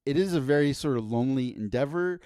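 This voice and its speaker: Dude cohosting a podcast, rambly and jokey, keeps restarting, dry mic no room. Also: male voice, mid-range voice, expressive, quick pace, dark tone, clear, resonant tone, no room sound. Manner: rambling, joking, many restarts. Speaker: podcast co-host. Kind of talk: casual comedic chat.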